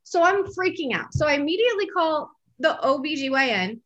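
A woman chatting casually as a co-host, telling an animated personal story, laughing often and acting out what people said. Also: high-pitched, a little fast, dull audio.

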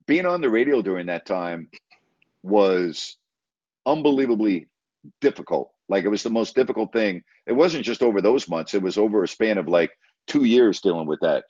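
Middle-aged male radio host, blunt and emphatic storyteller, low-ish voice, dull dry recording. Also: darkish tone, no room sound. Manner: blunt, emphatic, salty language. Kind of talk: storytelling in an interview.

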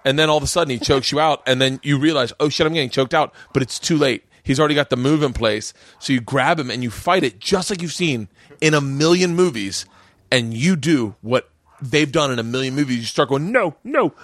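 A man's voice: medium pitch, a little fast, no echo. Man telling a wild story, dry sound. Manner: animated, profane anecdote-telling with many restarts. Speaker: podcast host. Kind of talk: casual storytelling chat.

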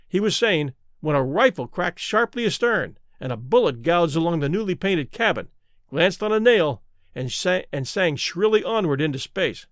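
A man reading a classic short story aloud in an expressive, dramatic narration. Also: sits high, normal speed, no echo, studio quality. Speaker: audiobook reader.

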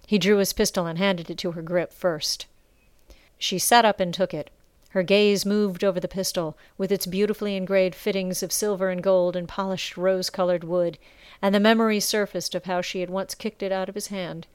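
A woman narrates a dramatic story in a measured, expressive way. Her voice is smooth and resonant, recorded close and dry with no room sound. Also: mid-range voice, no echo. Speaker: audiobook narrator. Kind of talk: scripted narration.

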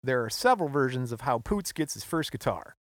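A man's voice: medium pitch, big pitch swings, brisk, dry recording, clean studio sound. Offhand joking male podcast host. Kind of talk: casual chat.

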